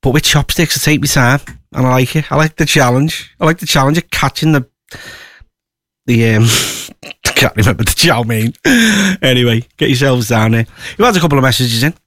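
A man's voice: medium pitch, a little fast, a bit bright, no room sound, clean studio sound. A man presenting a local radio show, rambling and chatty with many fillers and asides. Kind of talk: casual radio chat.

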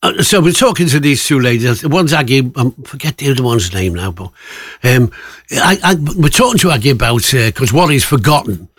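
A man's voice: medium pitch, lively intonation, fairly quick, hardly any pauses, fairly bright tone, slightly rough, dry recording, clean studio sound. A man presenting a radio show in a rambling, jokey way, full of fillers and restarts. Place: radio studio.

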